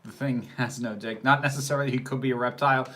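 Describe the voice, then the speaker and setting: Mid-range and steady, this man's voice comes out quick, pushed, and bright. Reacting to a film on his livestream, he chats loosely about it, answers viewers' questions, and keeps breaking into sarcastic laughter.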